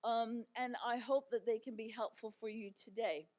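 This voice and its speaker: Animated middle-aged woman telling stories. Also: a little high, normal speed. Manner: conversational and animated, with frequent fillers. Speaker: guest speaker. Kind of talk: personal storytelling talk to an audience. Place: church event.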